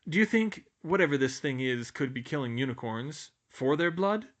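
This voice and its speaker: A man's voice: mid-range voice, expressive, normal speed, lightly acted. A man voicing a thoughtful, worried eleven-year-old boy who speaks earnestly and steadily.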